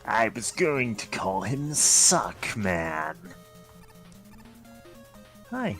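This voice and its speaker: Slow, animated joking man. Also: fairly low pitch, faint music behind. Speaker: co-streamer. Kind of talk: casual gameplay chat.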